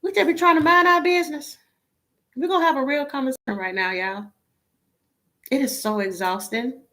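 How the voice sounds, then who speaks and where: A woman with a fairly high voice talks straight to her viewers in a casual monologue. She sounds drained and worn out, exasperated and blunt, and swears freely. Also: normal speed, sharp tone. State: emotionally drained. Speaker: tarot reader.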